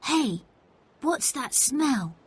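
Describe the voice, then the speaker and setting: A woman's voice: high-pitched, very animated, extremely slow, voice pushed up, heavily acted. A woman voicing a brave young boy in old London, speaking in a raised, childlike, urgent way for a storybook reading.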